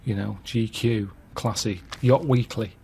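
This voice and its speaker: Deadpan man telling a story. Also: fairly low pitch, measured pace, vocal fry, a little hiss or hum. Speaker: podcast regular. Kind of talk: casual chat.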